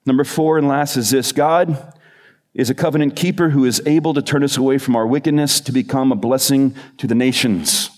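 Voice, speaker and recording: A man preaching a sermon, building emphatic lists and slowing on key phrases. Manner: lowers to a quiet, soft voice in the closing appeal. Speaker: pastor.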